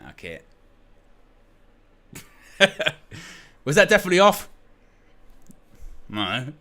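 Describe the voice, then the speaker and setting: Lively man ranting at officials. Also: high voice, takes it slowly. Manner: swears, laughs, rants at the referees. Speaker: fan match watchalong host. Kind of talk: live fan commentary on a football match.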